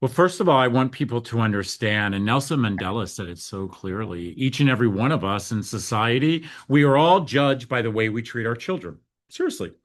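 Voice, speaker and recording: Middle-aged american guy, earnest and heartfelt, tells his story as a guest, mid-pitch voice. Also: a little fast, hardly any pauses. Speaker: guest, foster care advocate. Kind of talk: emotional storytelling interview.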